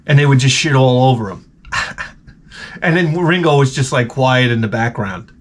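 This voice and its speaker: Against slight background noise, a flu-stricken YouTube host speaks unhurriedly in a mid-range voice. His casual vlog is profane and rambling, told with animated storytelling.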